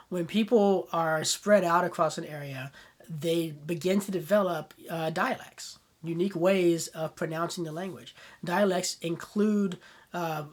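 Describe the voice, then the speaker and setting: Male Latin teacher, husky and unhurried, chatty lesson delivery with frequent fillers. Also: high-pitched. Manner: relaxed, thinking aloud with many fillers. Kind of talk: casual spoken lesson.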